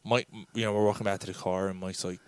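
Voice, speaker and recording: A man's voice: deep voice, little pitch movement, fast, smooth, dry recording. A man hosting a podcast, rambling through stories and jokes over beers with friends. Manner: laughing, rambling storyteller. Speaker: podcast host. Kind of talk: casual chat.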